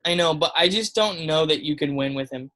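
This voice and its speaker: A man's voice: on the high side, brisk, a bit bright. A man co-hosting a casual sports podcast, talking in an easygoing way with frequent laughs and fillers. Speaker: podcast co-host.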